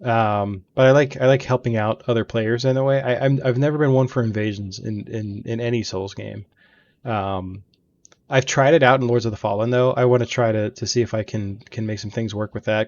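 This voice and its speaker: A man's voice: fairly low pitch, a little mellow, muffled recording. A man hosting a let's play, telling long stories about beating game bosses in a chatty, rambling way from his home gaming room. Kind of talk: casual gaming commentary.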